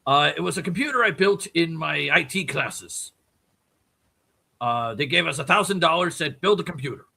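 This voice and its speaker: A raspy, gravelly man putting on a gruff dwarven brogue in casual podcast chat. His voice is bright and fairly high, and he swears freely. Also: animated, moderate pace. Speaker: podcast guest.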